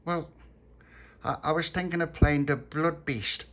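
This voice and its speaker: A man's voice: fairly high pitch, steady tone, a little slow, a bit bright, voice pushed up. A man voicing a reluctant little boy who stammers and gives in easily, in a told story. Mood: hesitant. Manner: hesitant, stammering.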